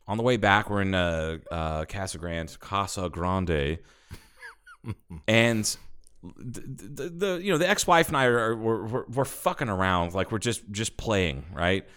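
A middle-aged man with a low, smooth, resonant voice tells a story on a podcast. He is animated and casual, swears freely and laughs as he goes. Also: normal speed. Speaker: podcast co-host.

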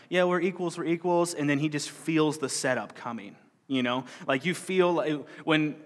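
A man with a slightly high, sharp voice gives sermon-style Bible teaching on a parable, speaking conversationally and performing the quoted speech of its characters. A long reverb tail follows his words.

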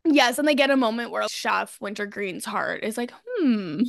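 Chatty woman with a gravelly edge. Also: fairly high pitch, moderate pace, no echo, clean studio sound. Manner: chatty, many fillers and restarts. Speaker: podcast co-host. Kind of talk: casual recap chat.

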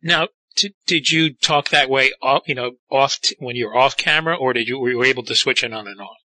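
A man's voice: medium pitch, brisk, bright, forceful tone, no echo, low-quality recording. A man hosting an interview, eager and fan-like, with many fillers. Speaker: interviewer host. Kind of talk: casual interview chat.

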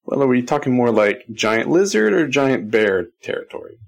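A man's voice: mid-range voice, very animated, moderate pace, vocal fry. A man playing a tabletop game, asking practical questions in a matter-of-fact way. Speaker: player. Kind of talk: casual tabletop play.

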